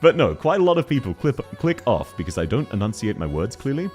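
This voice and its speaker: A man chatting casually on a livestream, excitable and quick to laugh, talking fast and loud when worked up. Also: mid-range voice, soft background music. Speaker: streamer.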